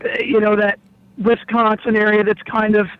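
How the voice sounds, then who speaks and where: A man's voice: sits high, little pitch movement, normal speed, clear, resonant tone, muffled recording. A man calling in to a radio show by phone from a car, talking in an opinionated, rambling way with many restarts. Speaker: blood bank representative phoning in. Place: in a car on the road.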